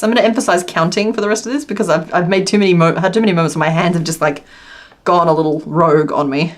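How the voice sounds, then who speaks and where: A young woman with a low-leaning voice and quick pace hosts a crochet livestream. She keeps the talk casual, laughs frequently, and softly counts her stitches.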